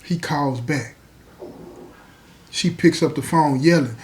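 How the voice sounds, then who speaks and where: A man's voice: on the high side, slow pace, pauses often. A man hosting a podcast, telling a story in a folksy, conversational way. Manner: folksy, repeats "you know what I'm saying". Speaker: podcast host.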